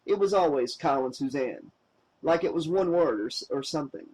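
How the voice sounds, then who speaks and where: A man reading a novel aloud as an audiobook narrator, with expressive, wry storytelling. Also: fairly high pitch, a little fast, slightly rough, low-quality recording.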